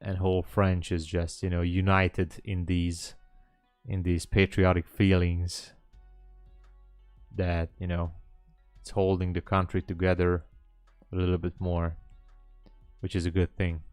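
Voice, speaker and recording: A man's voice: deep voice, monotone, measured pace, long pauses, darkish tone, dry recording, faint music behind. A man hosting a live trading stream, chatting casually and hesitantly with viewers in a rambling way. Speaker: livestream trading host.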